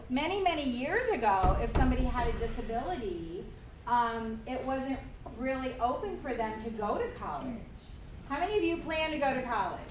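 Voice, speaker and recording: High-voiced woman talking to schoolchildren. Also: background noise. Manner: animated, asks the children questions. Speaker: school presenter. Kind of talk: speaking to a class of students. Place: school classroom. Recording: echoey classroom from far off.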